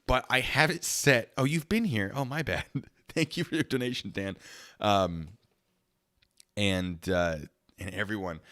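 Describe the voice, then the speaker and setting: Bright-voiced man rambling on a livestream. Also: fairly low pitch. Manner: rambling, thanks donors by name. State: a little out of breath. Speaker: livestream host. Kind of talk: casual livestream chat.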